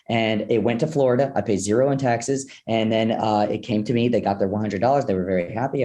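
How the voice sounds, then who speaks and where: A young man, a podcast guest, telling an animated story and acting out his own past reactions. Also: medium pitch, fast talker, few pauses. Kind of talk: energetic storytelling.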